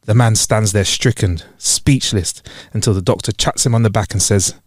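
A man's voice: fairly low pitch, normal speed, breathy edge, no room sound, studio quality. A man hosting a comedy podcast, chatting in slang and reading jokes aloud. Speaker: podcast host. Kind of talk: casual chat and joke reading.

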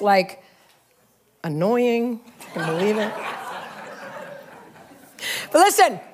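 A middle-aged woman delivers a sermon with a high, lively voice that leaps up and down. She tells stories animatedly and laughs often along the way. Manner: animated, storytelling, frequent laughs. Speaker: pastor.

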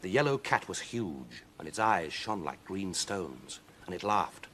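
A man reading a children's story aloud in a lively, expressive way. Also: deep voice, a little slow, few pauses, a little hiss or hum.

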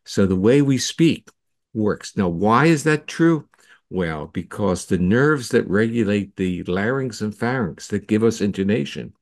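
A man with a fairly low voice walks through his ideas like a lecturer, steady and patient with occasional restarts. The sound is dry and close, with little room around it. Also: no echo. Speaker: guest scientist. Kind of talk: explanatory interview talk.

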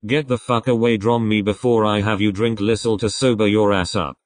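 A man's voice: fairly low pitch, steady tone, brisk, no echo, lightly acted. A man voicing a prickly, irritable young man who hisses his words. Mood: disgusted. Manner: hissing, irritable.

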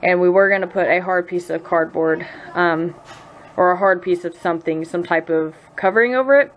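A woman's voice: on the low side, a little hiss or hum. A woman in her thirties with a Southern US accent, chatting casually at home in a vlog and often laughing. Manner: laughing storyteller, animated impressions. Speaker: vlogger, mother. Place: home, indoors.

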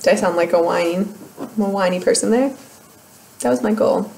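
A woman's voice: mid-range voice, moderate pace, creaky, darkish tone, slight background noise. A young woman in a casual beauty vlog, chatting and laughing as she goes through used-up products at home. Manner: chatty, self-mocking, laughs between remarks. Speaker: beauty vlogger.

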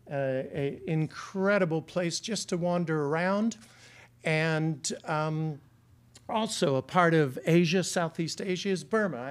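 A middle-aged man giving an anecdotal slide-show talk about his travels, pausing often with fillers. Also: a little high. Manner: anecdotal, with many filler pauses.

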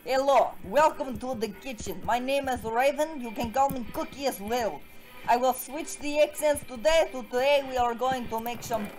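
A woman's voice: high voice, moderate pace, a little mellow, faint music behind, voice pushed up, natural voice, rough recording. A woman voicing a theatrical female Russian cooking-show host in an exaggerated put-on Russian accent. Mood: mock-formal. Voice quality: exaggerated accent, mock-grand announcing.

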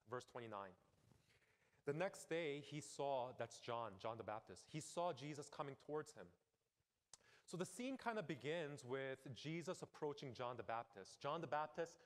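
A man preaching a sermon as pastor, earnest and emphatic, dropping into quiet low asides. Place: church sanctuary. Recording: long hall reverb.

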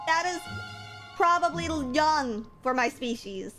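High-voiced playful woman streamer. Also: normal speed. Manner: playful, giggly, mock-dramatic whining. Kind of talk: casual game stream chat. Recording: music playing behind the voice.

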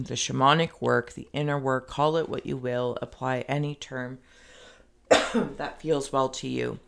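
A woman talks the viewer through a tarot reading in a rambling, meandering way, with plenty of "like." Her voice has a gravelly, creaky edge. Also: extremely low pitch, steady tone, a little slow, a bit bright. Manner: speaks directly to the viewer. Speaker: tarot reader.

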